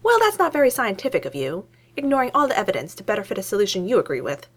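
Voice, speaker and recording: A woman voicing an excitable young male scientist who gets loud and shrill. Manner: rapid, excitable, voice shooting up.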